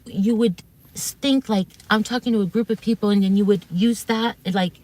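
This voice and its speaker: A woman's voice: medium pitch, steady tone, moderate pace, a little mellow. A woman streamer telling her chat about an argument in a heated, profane way, often acting out quotes. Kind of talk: casual storytelling to stream chat.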